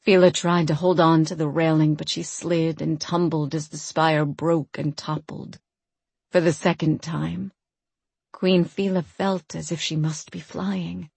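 A woman reading a fantasy novel aloud as a narrator, in a measured storytelling manner. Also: deep voice, little pitch movement, vocal fry, darkish tone, slightly rough, no echo. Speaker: audiobook narrator.

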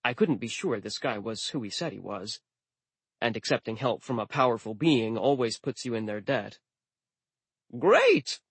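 A man's voice: lowish voice, moderate pace, slightly rough, no room sound. A man narrating a story in the first person with a dry, wry manner. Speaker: audiobook narrator.

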